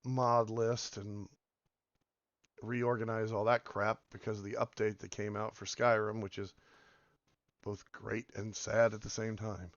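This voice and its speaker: A man with a hoarse voice from being sick, rambling casually as he comments on a game and drifts between topics. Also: on the low side, flat delivery, unhurried, no room sound, lo-fi sound. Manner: rambling, meandering, many fillers. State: hoarse from illness. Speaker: game video host.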